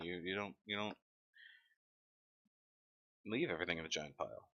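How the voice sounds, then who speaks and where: Chatty male streamer, lowish pitch, dull dry desk-mic sound. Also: moderate pace, bright, forceful tone, dry recording. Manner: chatty, reads comments aloud, joking. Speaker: livestream host. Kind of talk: casual live-stream chat.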